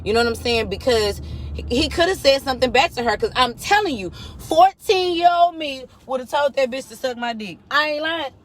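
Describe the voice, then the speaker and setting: Thirties woman w/ ranting a story in her car, cussing, lively. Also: high-pitched, a little fast. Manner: blunt, profane, animated storyteller. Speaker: vlogger. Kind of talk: casual storytelling rant. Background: faint car noise.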